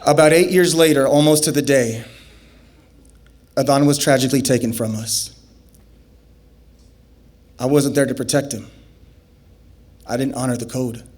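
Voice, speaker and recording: A young adult man telling a personal story on stage, acting out the dialogue with big, animated swings that climb into high, excited shouts. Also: normal speed, pauses often.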